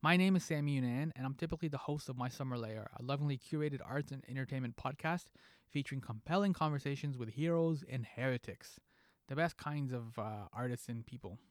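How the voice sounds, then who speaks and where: A man's voice: medium pitch, fairly quick, no room sound, studio quality. A man hosting a podcast, reading a scripted monologue in a playful, jokey way with pop-culture asides. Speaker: podcast host.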